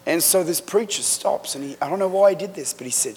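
A middle-aged man preaching a sermon in a church, telling stories with fervent, emphatic delivery that builds to loud climaxes. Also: on the high side, animated, fairly quick, a little hiss or hum. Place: church sanctuary. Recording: echoey church hall.

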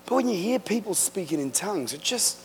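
A middle-aged man preaching a sermon in a church, telling stories with fervent, emphatic delivery that builds to loud climaxes. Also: sits high, big pitch swings, a little fast, slight background noise. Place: church sanctuary. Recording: echoey church hall.

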